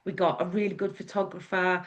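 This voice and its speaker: A woman's voice: lowish voice, flat delivery, fairly quick, dull audio. A woman with an English accent, telling her life story as a guest speaker in a chatty, meandering way with many fillers. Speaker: guest speaker, wedding celebrant. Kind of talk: casual storytelling talk.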